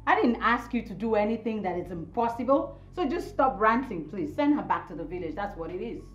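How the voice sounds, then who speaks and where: A woman's voice: mid-range voice, sing-song, fairly quick, lightly acted. An actress with a Nigerian accent playing a cold, dismissive young woman who gives orders. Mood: scornful. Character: haughty young woman, scornful fiancée. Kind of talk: film drama acting. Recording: echoey, dull sound with music.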